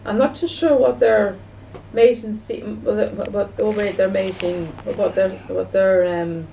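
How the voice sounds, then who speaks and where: A woman vlogging in a gravelly, dark-toned voice. She rambles, circles back and repeats herself, often restarting her sentences. The mic sits a distance away, with a faint hum of background noise. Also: medium pitch, fairly even intonation, a little slow. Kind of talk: casual home video talk.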